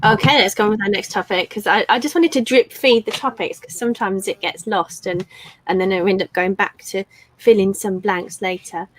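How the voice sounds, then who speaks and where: A woman's voice: medium pitch, a little fast, low-quality recording. A woman in her thirties co-hosting a casual live stream from home, chatting in a rambling way with lots of ums. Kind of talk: casual chat.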